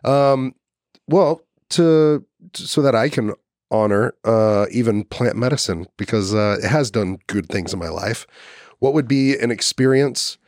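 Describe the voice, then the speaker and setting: A man's voice: mid-range voice, a little slow, darkish tone, no echo, clean studio sound. A man hosting a podcast, asking loose, meandering questions and encouraging his guest. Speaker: podcast host. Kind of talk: casual interview.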